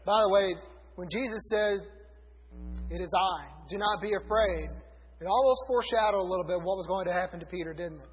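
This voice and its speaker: High-voiced preacher in an echoing hall. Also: male voice, fairly quick. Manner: conversational, self-correcting, reads scripture aloud. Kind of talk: sermon. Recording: dull lo-fi recording in a reverberant hall.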